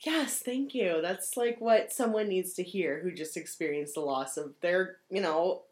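A woman talking through a film in casual chat, lively and quick to laugh. She slips into the characters' voices to act out her favorite lines, then drops back into her own easy, everyday voice. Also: lowish voice. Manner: animated, laughs often, acts out quotes.

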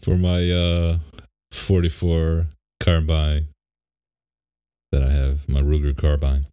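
A man's voice: a bass voice, monotone, slow pace, mellow, clean tone. A young man co-hosting a podcast, chatting in a laid-back, rambling way and laughing often. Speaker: podcast co-host. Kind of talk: casual chat. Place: home office.

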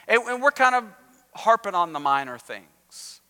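Bright-voiced pastor preaching in a reverberant church. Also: male voice, high voice, big pitch swings, normal speed, clear, resonant tone. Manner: conversational, engages the congregation with questions. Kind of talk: sermon. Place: church sanctuary.

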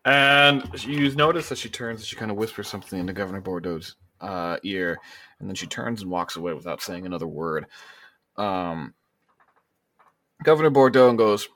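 Low-voiced guy running a tabletop game, laid back with lots of uhs. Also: moderate pace, a bit bright. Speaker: game master.

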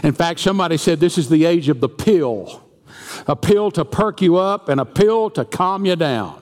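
A man's voice: a little high, expressive, moderate pace, a little mellow. Male pastor, sermon delivery, storyteller who acts out voices, long hall reverb. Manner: storytelling, acting out quoted voices. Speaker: senior pastor.

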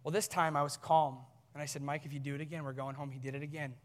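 A fairly high-voiced man preaches from the front of a large church hall, his words ringing out in a long reverb. He speaks earnestly and tells a story from his family life, laughing at himself now and then. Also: little pitch movement, quick pace. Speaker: pastor. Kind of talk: sermon with personal story.

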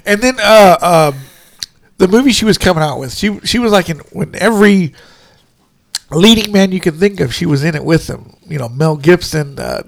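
A man co-hosting a podcast, chatting casually about movies, laughing often and swearing, with many drawn-out fillers. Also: sits high, expressive, vocal fry. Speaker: podcast co-host.

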